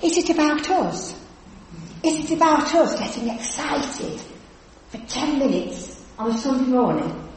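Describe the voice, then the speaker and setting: A woman preaching in a chatty, animated storytelling way in a church. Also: sits high, a little slow, a little hiss or hum. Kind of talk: lively church talk. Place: church hall. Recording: echoey church hall from a distance.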